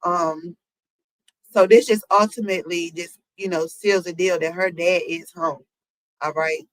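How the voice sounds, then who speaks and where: A woman's voice: on the low side, steady tone, a little slow, dry recording, poor audio. A woman hosting her own commentary channel, talking casually to viewers with lots of fillers and asides. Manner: chatty, lots of fillers, addresses viewers as y'all.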